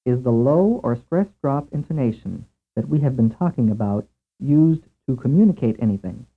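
A man narrating a scripted language lesson in a measured way, asking questions and then giving the answers. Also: medium pitch, expressive, creaky, slightly rough. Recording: tinny lo-fi tape over a narrow band.

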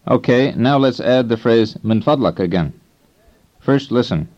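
Calm male instructor on old tape. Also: medium pitch. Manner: calm, measured teaching tone. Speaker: language course instructor. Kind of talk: scripted language lesson narration. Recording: dull lo-fi tape recording.

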